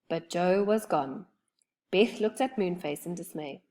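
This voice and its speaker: A woman reading a children's storybook aloud with expressive, lively storytelling. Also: on the low side, measured pace.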